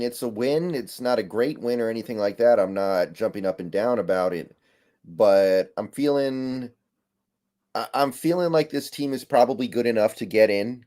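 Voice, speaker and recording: A man's voice: mid-range voice, a little mellow. A man giving blunt, matter-of-fact takes as a guest analyst on a sports talk stream.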